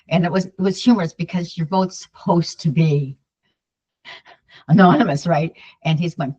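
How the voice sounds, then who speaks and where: A woman's voice: low-pitched, fairly even intonation, brisk, darkish tone, breathy edge. An older woman from Canada chatting casually to her viewers, wandering off on side points and repeating herself. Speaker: political vlogger. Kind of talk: casual talk to camera. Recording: dull lo-fi sound.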